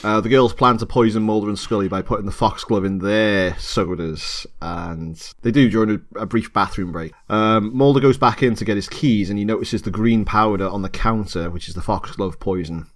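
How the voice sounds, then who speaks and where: Podcast co-host, man with a lowish voice, lively storyteller, laughs and swears a lot. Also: moderate pace, few pauses. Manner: animated, swearing, laughing often. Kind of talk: casual podcast chat recapping a TV episode.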